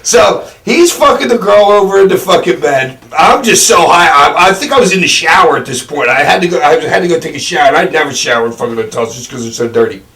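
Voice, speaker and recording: A man's voice: fairly high pitch, animated, fast, hardly any pauses, a bit bright. A man telling a rambling, profane story with lots of laughter in a casual interview.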